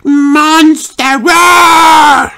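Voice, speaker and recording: A man reading a storybook aloud, voicing a little boy piglet who roars and shouts. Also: creaky, background noise, heavily acted. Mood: roaring excited. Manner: shouted, very high and drawn-out.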